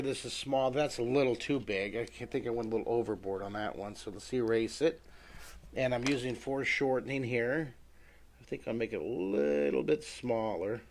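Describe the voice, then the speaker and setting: A man's voice: mid-range voice, creaky. A middle-aged man leading a live drawing lesson, chatting to viewers and talking himself through each sketch. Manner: chatty, talks to himself while sketching, greets viewers by name. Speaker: drawing teacher.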